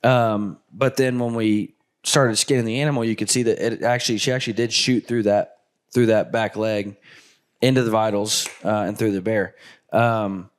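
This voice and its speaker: A man hosting a hunting show, retelling a hunt in a casual, animated way with lots of filler words. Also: fairly low pitch, moderate pace. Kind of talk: casual storytelling with guests.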